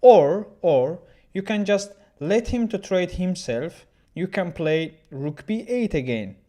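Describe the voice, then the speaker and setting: A man's voice: high voice, animated, slow, mellow. A man casually commenting a chess game on a livestream, reading viewers' messages aloud and answering them, often restarting his sentences.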